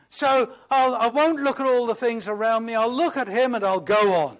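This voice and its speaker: A man preaching a sermon, slow and emphatic, moving from loud declarations to hushed, reflective asides. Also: extremely high pitch. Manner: quotes hymn lines in a reflective voice.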